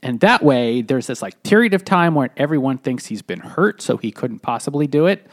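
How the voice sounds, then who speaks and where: Man, mid pitch, animated melody, podcast co-host, explains the plot. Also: normal speed. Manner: explains the solution step by step. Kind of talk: casual book-club banter.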